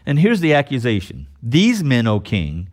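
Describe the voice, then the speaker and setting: A man's voice: medium pitch, moderate pace. A middle-aged male pastor giving a conversational sermon, often checking in with the congregation with "okay?". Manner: animated, conversational preaching with frequent "okay?" asides.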